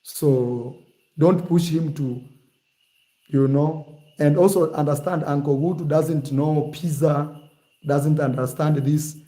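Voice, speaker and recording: A man talking casually and teasingly in a vlog, animated and jokey. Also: on the high side, slow pace. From Kenya. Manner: animated, teasing, shifts to mock accents. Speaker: vlogger.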